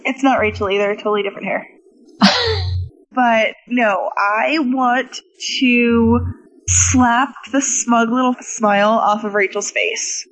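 A woman co-hosting a casual chat, animated, swearing freely and laughing often. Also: on the high side, slow, slight background noise, rough recording. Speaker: podcast co-host.

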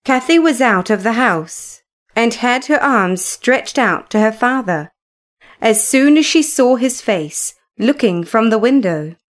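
Woman narrator for a storybook reading; slightly high voice, slow and measured. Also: animated.

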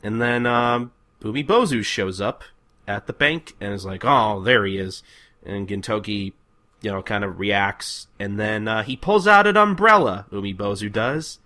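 A man hosting a podcast, talking over manga pages in a relaxed, casual way with lots of "uh" fillers. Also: on the low side, normal speed. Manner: relaxed, filler-heavy, chuckles along. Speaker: podcast host.

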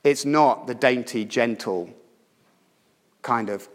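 A man preaching a sermon, telling a story emphatically and swinging between loud urging and hushed tones. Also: medium pitch, moderate pace. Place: church. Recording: reverberant church hall.

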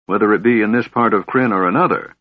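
A man's voice: fairly low pitch, quick pace, no room sound, natural voice. A man voicing a cold, imperious, masked human warlord who commands dragons, in an audiobook. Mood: stern commanding. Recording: dull lo-fi audiobook recording.

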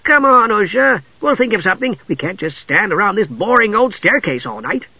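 A man's voice: high voice, big pitch swings, moderate pace, vocal fry, pushed and bright, breathy edge, dry recording, voice pushed up, exaggerated voice. A man voicing a cheerful, curious and reckless male kender adventurer, breezy and eager, on a dull lo-fi recording. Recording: dull lo-fi audio.

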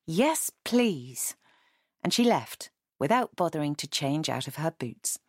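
A woman reading a novel aloud in a measured, even way. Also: low-pitched, no room sound, clean studio sound. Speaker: audiobook reader. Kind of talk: scripted narration.

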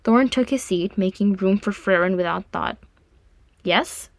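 A woman narrating a fan fiction audiobook with calm, even storytelling. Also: medium pitch, brisk, creaky, dry recording. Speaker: audiobook reader.

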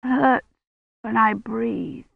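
A reader voicing a sick young man who speaks faintly and slowly, feverish and afraid. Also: mid-range voice, animated, gravelly, no room sound, phone-quality sound, heavily acted. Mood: weak, frightened. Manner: faint, slow, fearful murmuring. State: feverish, shivering.

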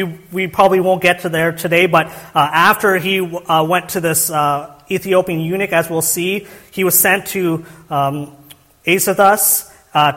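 High-voiced young man preaching in a hall. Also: fairly bright tone. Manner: earnest preaching with rhetorical questions and restarts. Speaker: pastor. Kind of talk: sermon.

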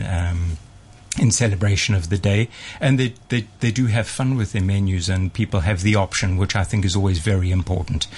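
A man with a somewhat low, husky voice talks through the business side of restaurants. He speaks in a measured, explanatory manner, laying out his points step by step in casual radio chat. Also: darkish tone. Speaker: restaurateur guest.

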